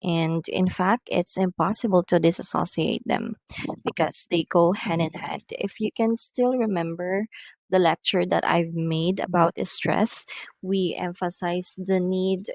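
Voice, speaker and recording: A woman giving a recorded English lesson, explaining slowly and deliberately and reading out numbered example sentences. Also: on the low side, animated, gravelly, dry recording, rough recording. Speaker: English teacher. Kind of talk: recorded online lecture.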